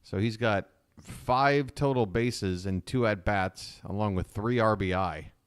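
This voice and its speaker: A man calls a baseball game live for his stream, rambling between pitches and jumping up when a ball is hit hard. His voice sits low and comes through smooth and clear. The sound is dry and close, with no room around it. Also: unhurried, dry recording. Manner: chatty, rambling, excitable on big swings. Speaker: fan play-by-play streamer. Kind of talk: live baseball play-by-play and commentary.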